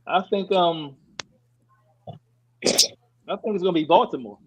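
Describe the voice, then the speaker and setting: A man on a sports podcast who gives his predictions in a halting way, full of "I think.". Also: sits high, muffled recording, background noise. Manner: halting, many "I think" restarts. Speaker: podcast co-host. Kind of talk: casual sports talk.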